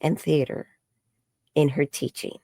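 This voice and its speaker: A woman, an energy healer and psychic, telling a story in an interview and acting out the quoted dialogue in a higher voice. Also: little pitch movement, a little slow, no echo, studio quality. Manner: acts out quoted dialogue with high bright voices.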